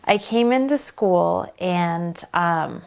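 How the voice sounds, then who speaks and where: A young woman telling a personal story to the camera, halting and emotional, with pauses and fillers. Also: lowish voice, creaky, darkish tone, smooth. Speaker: vlogger.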